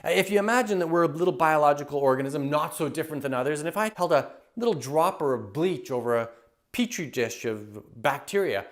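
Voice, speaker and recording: Enthusiastic man, a touch high-pitched. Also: a little fast. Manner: enthusiastic, animated storyteller who acts out everyday scenes. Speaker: happiness coach and public speaker. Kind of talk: motivational teaching talk to camera.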